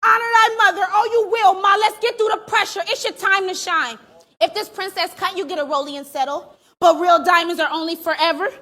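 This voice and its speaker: High, bright-voiced woman battle rapping. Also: brisk. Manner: aggressive, taunting, shouted punchlines. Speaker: battle rapper. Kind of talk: live battle rap performance. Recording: live event with crowd behind.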